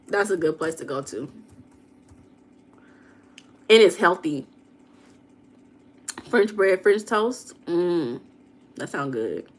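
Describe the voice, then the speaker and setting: A woman chats on her livestream. She greets viewers by name and answers their comments. Her storytelling is loose and dramatic, and her voice sits at a middle pitch. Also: sharp tone. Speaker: livestream host. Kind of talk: casual livestream chat.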